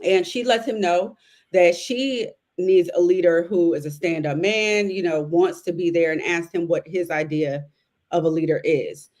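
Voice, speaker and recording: A woman's voice: on the low side, moderate pace. Laid-back woman recapping scenes. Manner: relaxed storytelling with fillers, retells scenes. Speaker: podcast co-host. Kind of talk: casual recap chat.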